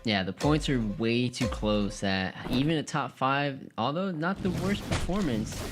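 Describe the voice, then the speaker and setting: A man giving live esports analysis in a steady, explanatory way. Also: mid-range voice, unhurried, over music. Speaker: esports caster.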